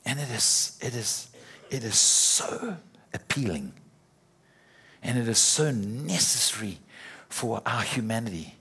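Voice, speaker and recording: A man's voice: mid-range voice, lively intonation, a little slow, sharp tone, slightly rough. A middle-aged man preaching a sermon in a conversational way, with repetitions and playful acted-out quotes.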